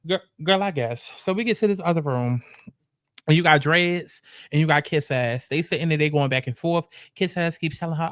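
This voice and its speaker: Brief: young man, New York accent, sassy profane recap host, slightly high voice, dry close sound. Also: normal speed, no echo. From the Bronx, New York. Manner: sassy, animated, profane storytelling with mock quotes. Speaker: commentary host. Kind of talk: reality show recap commentary.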